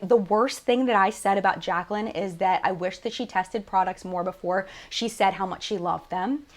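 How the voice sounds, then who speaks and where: A woman in her thirties talks through a live chat while crying. She sounds apologetic and emotional, her mid-pitched voice breaking off into restarts and false starts. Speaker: beauty channel host.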